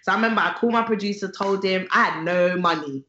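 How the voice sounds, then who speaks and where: A gospel singer tells a story in a casual conversation. The singer is lively and animated, acting out the voices of the people in the story. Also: mid-range voice, fast. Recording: roomy, slightly dull sound.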